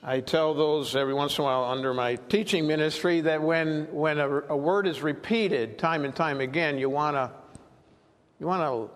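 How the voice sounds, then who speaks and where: A man's voice: on the high side, normal speed, big-room sound. A man preaching an expository sermon as pastor, reading scripture and explaining it, acting out quoted lines with animation.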